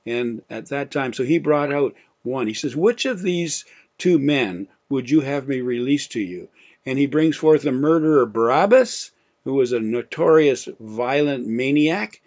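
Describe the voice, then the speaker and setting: A man's voice: mid-range voice, animated, unhurried, darkish tone. A man teaching a Bible lesson in sermon style, emphatic and repeating key phrases, quoting scripture with dramatic force. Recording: dull lo-fi recording.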